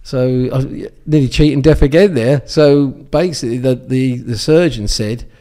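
A man's voice: medium pitch, moderate pace, mellow. An English man in his sixties, a guest telling rambling anecdotes with many ums and restarts in a casual interview. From England. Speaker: guest, former darts champion.

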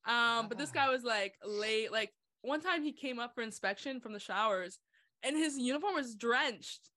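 A woman's voice: fairly high pitch, moderate pace, bright, forceful tone. A woman hosting a podcast, chatting casually, laughing as she shares her own training stories. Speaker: podcast host. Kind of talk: casual chat.

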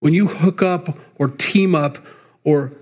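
A man's voice: fairly high pitch, slow pace. Conversational preacher, a man. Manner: conversational preaching, chuckling between points. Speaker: pastor. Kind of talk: sermon.

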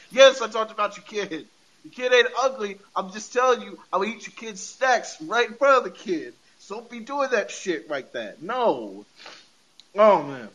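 A young man hosts a casual sports podcast, rambling along with stuttered restarts and laughing at his own jokes. His voice sits high and sounds animated and fairly bright, moving at normal speed. The podcast audio is lo-fi.

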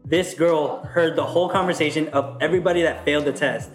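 A young man from Texas co-hosting a podcast, telling stories in a lively, casual way and swearing freely. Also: a little high, fast, soft background music. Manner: animated storyteller, swears freely. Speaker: podcast co-host. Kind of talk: casual chat. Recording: echoey room.

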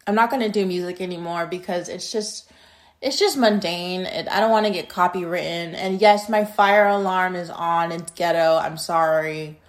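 A young adult woman hosting a podcast, telling a rambling story in a casual, profane and blunt way. Her loudness swings between emphatic bursts and muttered asides. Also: lowish voice, moderate pace. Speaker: podcast host.

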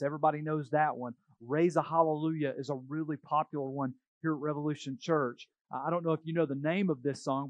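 A man's voice: a little high, a little mellow, dry recording. A man preaching a sermon as pastor, in a conversational storytelling manner.

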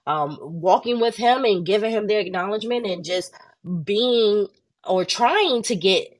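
A young woman co-hosting a faith podcast, telling her story in an animated way and jumping into high voices when she quotes people, sounding tired and worn down. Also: a little slow. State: tired and under the weather. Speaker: podcast co-host. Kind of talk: casual faith podcast chat.

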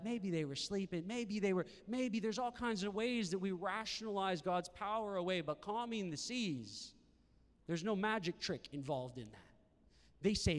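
A man preaching a sermon to a live congregation in a church hall, animated and acting out quoted voices. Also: on the high side. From Canada. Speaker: pastor. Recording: long hall reverb.

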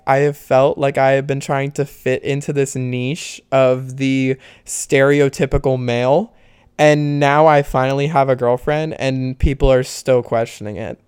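A man's voice: mid-range voice, clean tone, dry recording, clean studio sound. A young man talking casually to his viewers, candid and rambling, laughing often and swearing as he vents. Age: young adult. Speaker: vlogger. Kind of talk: casual talk to camera.

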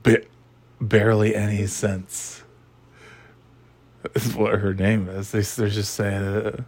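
Slow, low-voiced sarcastic man. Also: flat delivery, darkish tone, breathy edge. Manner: rambling, sarcastic, swears freely. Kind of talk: casual chat.

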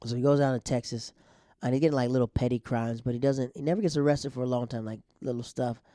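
A man casually telling a long story, animated, with frequent restarts and acted-out quotes. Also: mid-range voice, fast, no room sound, clean studio sound. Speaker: storyteller guest.

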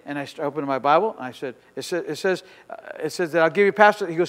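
An older man preaching a sermon as pastor, telling a story with acted-out dialogue, repeating phrases and building to shouts. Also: fairly high pitch, lively intonation, fast talker, hardly any pauses, long reverb tail.

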